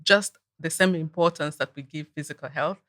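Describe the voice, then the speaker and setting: A woman talks about mental health on a webinar panel in a bright, clear voice. Her delivery is earnest and measured, and the sound is dry and close. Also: low voice, no room sound. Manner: earnest, measured, repeats "you know". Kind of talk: panel discussion.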